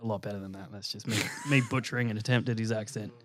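A man's voice: fairly low pitch, rapid-fire. Jokey laid-back man. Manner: relaxed, jokey, self-mocking. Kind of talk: casual chat.

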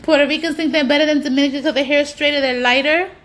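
A woman's voice: high voice, fairly even intonation, rapid-fire, a bit bright. A woman delivering a blunt, profane ranting monologue, hammering points with repetition. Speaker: social media commentator.

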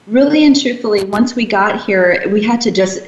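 A woman co-hosting a podcast, talking earnestly and rambling a little as she restarts her sentences. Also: normal speed. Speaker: co-host. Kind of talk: casual chat. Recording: echoey, dull, with faint rumble.

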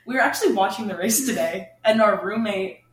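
A young woman co-hosting a casual podcast chat, talking quickly and laughing often. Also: medium pitch. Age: young adult. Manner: chatty, laughs often, does mock voices of drivers. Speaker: podcast co-host. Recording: echoey room, mic far off, faint noise.

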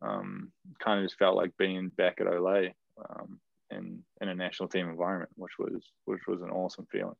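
A young man in his twenties with a New Zealand accent, telling stories as a guest in a casual interview, chatty and quick to laugh, heard over a video call. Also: sits low, completely flat delivery, gravelly, dry recording. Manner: chatty, laughs often, many fillers and restarts. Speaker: guest, professional footballer. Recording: dull lo-fi video call audio.

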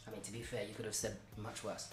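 A man co-hosting a casual podcast chat, reacting with quick interjections and laughing along. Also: fairly low pitch, level tone, echoey room, music in the background.

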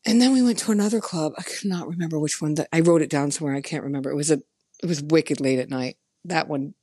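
A woman's voice: sits low, quick pace, breathy edge, no room sound, studio quality. A woman podcast host telling a casual, emphatic personal story in a chatty way. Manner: chatty, emphatic, animated quoting of others.

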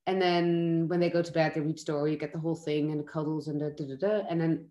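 A woman's voice: deep voice, fast talker, lo-fi sound. Emotional mother with a roomy echo. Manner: heartfelt, animated when quoting, many restarts. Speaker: guest, mother of young children. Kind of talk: candid personal conversation.

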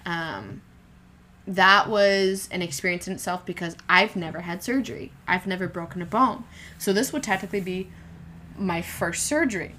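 Telling her birth story as a podcast co-host, this young woman speaks at a moderate pace in a relaxed, candid chat, her voice a little low for a woman. She wanders through it with fillers and restarted sentences, while faint hiss runs beneath the recording.

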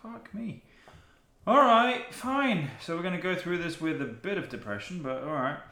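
Animated swearing man in an echoey room. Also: high-pitched, normal speed. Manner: animated, swearing, reads lyrics aloud in mock-dramatic tones. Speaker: podcast co-host. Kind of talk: casual chat reacting to song lyrics.

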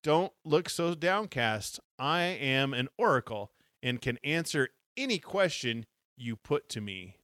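A man's voice: mid-range voice, animated, measured pace, few pauses, pushed and bright, dry recording, studio quality. A man voicing an old, prim talking parrot-head umbrella in a read-aloud children's adventure. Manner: prim, fussy.

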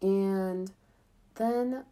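A woman's voice: mid-range voice, extremely slow, warm tone. A young woman, chatting casually in a vlog, full of fillers and upbeat. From United States. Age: young adult. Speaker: student abroad.

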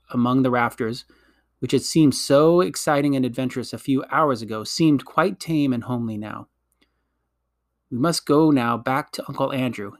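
A man's voice: mid-range voice, dry recording, studio quality. Man reading a children's storybook aloud. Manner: measured, storytelling delivery. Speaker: narrator.

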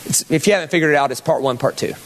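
A man's voice: fairly high pitch, racing. A male pastor telling a story in a sermon, talking conversationally and putting questions to the audience.

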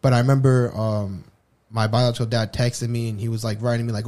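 A man's voice: mid-range voice, fairly even intonation, fast talker, a little mellow. A man co-hosting a podcast, telling a personal story in a candid, rambling way full of restarts. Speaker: podcast co-host. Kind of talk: casual personal chat.

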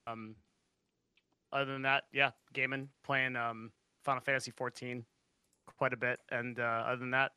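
Heldere, droge mannenstem, ontspannen. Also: male voice, mid-range voice, little pitch movement, moderate pace, sharp tone, clean tone, dry recording. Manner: polite, laid-back, hesitant fillers. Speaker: podcast co-host. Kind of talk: casual podcast chat.

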